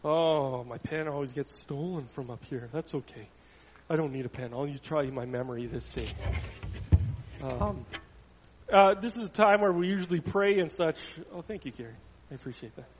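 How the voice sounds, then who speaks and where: Pastor telling a story in an echoing church. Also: male voice, a little high, moderate pace, a little hiss or hum. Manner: expressive storytelling, swelling loud then dropping to a hush. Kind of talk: children's story reading in a church service. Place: church sanctuary. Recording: long reverb of a church hall.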